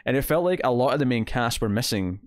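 A man with a mid-range, animated voice talks fast with no echo as a podcast co-host. He chats casually about TV episodes, rambling with fillers and quoted asides.

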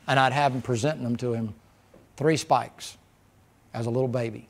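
A man preaching in a folksy, down-home way. His voice sits in a middle pitch, and he swings from loud emphasis to hushed, close moments. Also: fairly even intonation, normal speed, pauses often. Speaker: pastor. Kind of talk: sermon.

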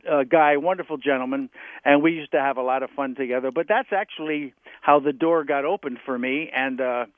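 A man's voice: medium pitch, a little fast, dry recording. A man telling stories as the guest in a radio interview, speaking over a phone line and acting out the people he quotes. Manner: animated storyteller, acts out quotes. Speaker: guest drummer.

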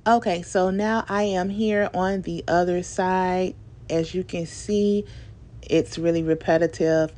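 A young woman talks through a home DIY project in a relaxed, chatty voice-over. Her voice sits a little low, and she speaks informally with plenty of fillers. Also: a little slow. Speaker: DIY video creator. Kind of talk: casual tutorial voice-over.

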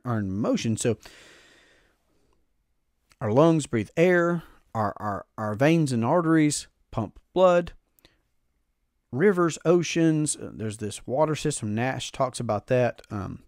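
A man's voice: medium pitch, a little mellow, dry recording, clean studio sound. A man hosting a podcast, explaining a finance idea in an earnest, emphatic way and often repeating his phrases. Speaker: podcast host.

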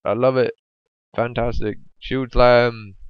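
A man's voice: level tone, slow pace, clean tone, no echo, highs cut off. Rambling, jokey young man gaming. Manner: rambling, jokey, jumps into brief high squeaky voices. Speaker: gamer commentating his own gameplay. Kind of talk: casual gameplay commentary with silly voices.

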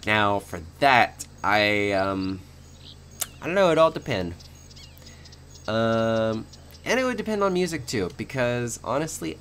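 A young man talking casually over his gameplay as a channel host, rambling with many fillers and little laughs, in a fairly monotone way. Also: on the low side, slight background noise. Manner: rambling, chatty, frequent fillers and small laughs; admits to a somewhat monotone delivery.

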